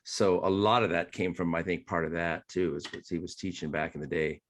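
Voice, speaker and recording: A man's voice: low voice, steady tone, brisk, a little hiss or hum. A man co-hosting a casual video-call chat, reflective and easygoing as he recalls his training.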